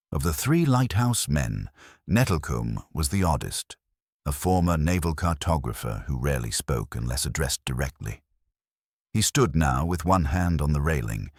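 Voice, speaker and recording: A man's voice: a bass voice, breathy edge, no echo, studio quality. A man giving dramatic, scripted audiobook narration.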